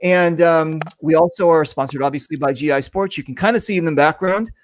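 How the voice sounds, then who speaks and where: A fairly high-pitched man talks briskly, with no room sound, as host of a paintball talk show run over video call. He jokes and rambles, using plenty of fillers.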